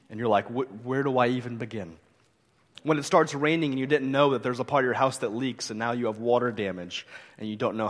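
A middle-aged man, a pastor, preaching a sermon in an earnest, conversational way and mixing scripture reading with light humor. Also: medium pitch. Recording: long reverb of a hall.

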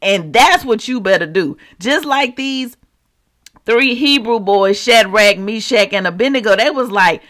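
A preacher teaching scripture in a casual, animated way, reading verses and turning to the listeners with quick asides. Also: mid-range voice. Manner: animated, talks straight to the audience with asides; slangy and conversational while quoting scripture. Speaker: Bible teacher.

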